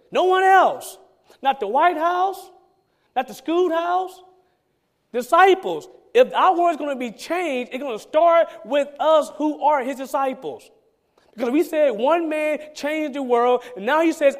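A man, a pastor, preaching a sermon with emphatic repetition and rhetorical questions. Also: extremely high pitch.

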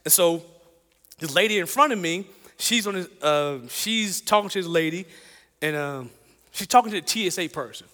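Animated and full of energy, a man preaches in a high, bright voice at normal speed, telling a personal story in his sermon. He chuckles and repeats phrases as the sound echoes at length, like in a big church hall.

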